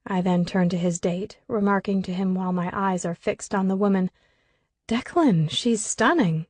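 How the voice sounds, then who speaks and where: Female audiobook narrator, expressive first-person read, mid-pitched, dry close studio sound. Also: a little fast, no room sound.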